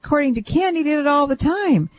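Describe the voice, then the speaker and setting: An older woman hosting a radio show, telling a family story in a chatty, animated way. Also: high voice, quick pace. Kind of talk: casual radio chat, storytelling. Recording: dull lo-fi radio sound.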